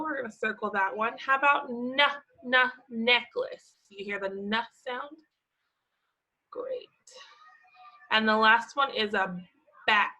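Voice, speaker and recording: Preschool teacher lady, takes it real slow, bright voice, sing-songy and encouraging. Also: mid-range voice, vocal fry, rough recording. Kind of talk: teaching a worksheet to young children.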